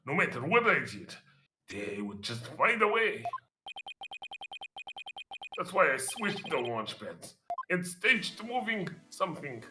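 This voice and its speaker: A man's voice: sits high, very animated, normal speed, hardly any pauses. A man doing a proud Russian space director. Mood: solemn. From Poland. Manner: put-on Russian accent, grandiose. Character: proud male space center director, middle-aged. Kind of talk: fan voice-acting of a game script. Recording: roomy echo with music behind.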